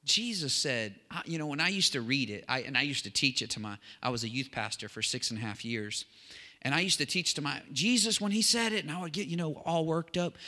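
A man preaching a sermon as a pastor, talking with rising animated excitement. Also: mid-range voice, brisk. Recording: long hall reverb.

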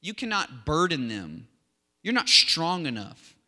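A man preaching a sermon in a chatty, animated way, full of asides and restarts. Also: a little high, a little slow. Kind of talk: casual conversational sermon. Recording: long hall reverb.

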